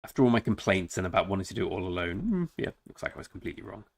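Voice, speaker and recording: A man's voice: sits low, very animated, rapid-fire, vocal fry, slightly rough. Chatty man streaming a game. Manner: chatty, joking, talks to chat. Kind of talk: casual live-stream chat.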